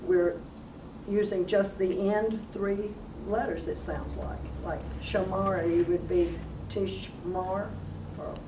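A woman's voice: mid-range voice, fairly even intonation, takes it slowly. A woman student answering in class, hesitant and working things out aloud. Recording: distant mic with background noise.

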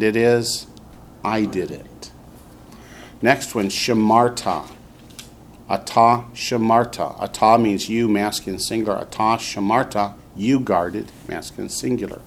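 A man's voice: lowish voice, a little hiss or hum. A man teaching a classroom language lesson, patiently repeating his students' answers before explaining.

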